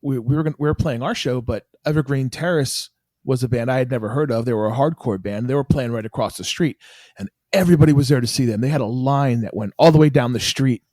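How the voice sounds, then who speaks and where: Man, guest band member, chatty storyteller who laughs a lot, mid pitch, dry mic. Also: fast talker, a little mellow, no room sound. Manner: laughs often while telling stories. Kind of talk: casual storytelling.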